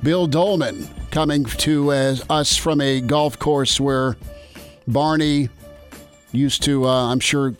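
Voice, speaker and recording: Upbeat sports radio host. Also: male voice, mid-range voice. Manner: upbeat, casual, quick ad reads.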